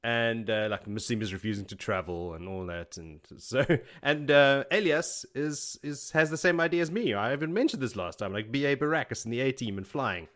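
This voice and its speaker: A man hosting a podcast, recapping a book in casual chat, laughing often and acting out characters' lines as quick paraphrased quotes. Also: mid-range voice, a bit bright. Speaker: podcast host.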